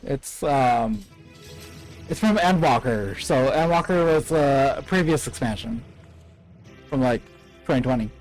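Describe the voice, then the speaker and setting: A man's voice: mid-range voice, animated, a little slow, long pauses, soft background music. A man streaming a video game, chatting casually and explaining the game to his viewers. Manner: chatty, explains to chat, reads cutscene lines aloud.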